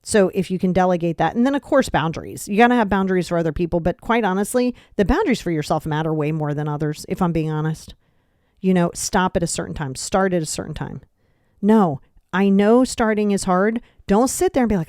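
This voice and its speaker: A young adult woman hosting a podcast, giving blunt, animated self-help advice in a casual way with mild swearing. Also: lowish voice, fairly quick, dry recording, studio quality. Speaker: podcast host. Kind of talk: casual motivational talk.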